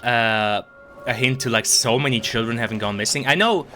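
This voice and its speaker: A man's voice: medium pitch, normal speed, bright, forceful tone, faint music behind. A man streaming a game, rambling and swearing casually as he thinks aloud. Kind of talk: casual gameplay commentary.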